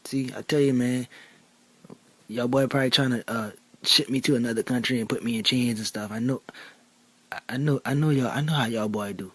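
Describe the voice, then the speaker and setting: A man's voice: medium pitch, brisk, pauses often, slightly rough, no echo, voice pushed down, close to an everyday voice, poor audio. A man playing an indignant man who complains that he has been cut off from fish, in a comedy sketch. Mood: grumbling. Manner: grumbling, indignant, rambling. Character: fed-up Lowcountry man complaining about fish.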